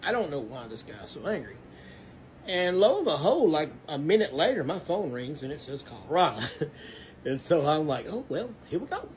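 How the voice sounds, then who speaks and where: Man, earnest preachy storyteller, somewhat high voice, faint background hum. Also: big pitch swings, normal speed. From Texas. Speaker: Christian storyteller. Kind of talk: casual testimony.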